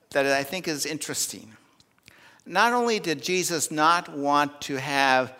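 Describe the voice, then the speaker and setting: A man preaching a Communion Sunday sermon in earnest, rising loud for emphasis and dropping soft in a church. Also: fairly high pitch. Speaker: pastor. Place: church sanctuary. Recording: long reverb of a church sanctuary.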